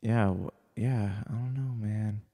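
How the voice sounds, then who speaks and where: A man's voice: lowish voice, steady tone, a little slow, mellow, long reverb tail. A man co-hosting a casual podcast, trading dry, teasing quips while hiccuping. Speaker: podcast co-host.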